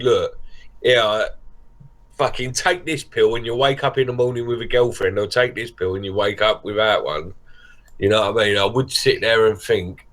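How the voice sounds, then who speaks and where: A man's voice: mid-range voice, fairly bright tone. A man in a casual group chat, laid-back and slangy, often repeating himself. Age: 30s. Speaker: chat participant.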